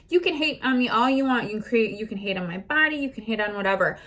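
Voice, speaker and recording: A woman's voice: medium pitch, animated, moderate pace, sharp tone. A young adult woman ranting defiantly to her phone from inside a car, swearing constantly. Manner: heated, profane, defiant ranting. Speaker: content creator. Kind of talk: ranting to camera.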